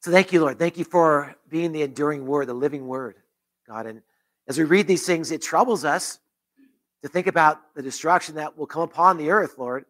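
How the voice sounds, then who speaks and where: A man's voice: on the high side, moderate pace, fairly bright tone. A man pastor leading a closing prayer in church, earnest, with repeated phrases and restarts. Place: church sanctuary.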